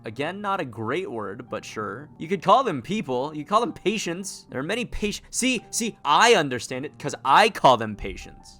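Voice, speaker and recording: A man's voice: a little high, big pitch swings, normal speed, few pauses, sharp tone. A man doing casual, jokey let's-play commentary on a horror game, breaking into self-interrupting asides. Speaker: gaming channel host.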